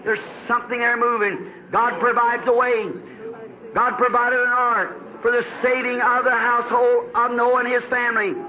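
A preacher delivers a sermon in a folksy storytelling way that swells into fervent cries. His voice sits unusually high for a man. The recording is dull and lo-fi, with faint background noise, like an old archival tape. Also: level tone, moderate pace.

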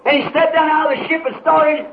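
A man preaching a sermon in an impassioned way, rising to shouts with dramatic pauses, on an old muffled tape. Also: very high-pitched, steady tone, gravelly, a little hiss or hum.

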